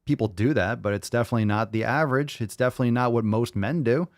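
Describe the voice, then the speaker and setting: A man's voice: medium pitch, fast talker, no room sound, clean studio sound. A man hosting a show, reacting to video clips with blunt, profane, mocking commentary.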